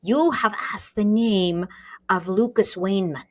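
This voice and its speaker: A woman voicing a stern man from 1521 in a theatrical, halting mock villain accent. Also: mid-range voice. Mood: pompous.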